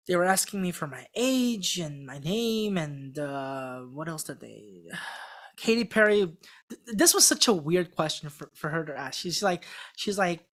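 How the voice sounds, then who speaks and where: A woman being interviewed as a singing contestant, telling her story in a casual, rambling way full of fillers and restarts. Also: low-pitched. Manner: acts out quoted people in a mock-excited voice. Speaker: singing contestant guest on a podcast.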